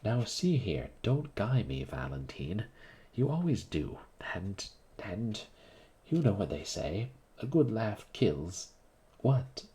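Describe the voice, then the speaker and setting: A man reading aloud and voicing a flustered young gentleman who stammers and defends himself. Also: fairly low pitch, very animated, slow pace, voice pushed up.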